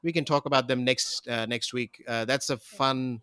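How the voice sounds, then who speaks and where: A man hosting a podcast in casual chat, talking in a rambling, halting way with many restarts and fillers. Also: mid-range voice, steady tone, pushed and bright, clean tone, no echo, clean studio sound. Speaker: podcast host.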